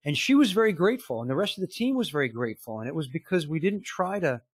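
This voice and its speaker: A man's voice: a little high, very animated, fast talker, husky, no echo. A middle-aged man, a business coach, earnestly telling stories in an interview, full of "you know" and quoted dialogue. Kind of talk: conversational interview answer.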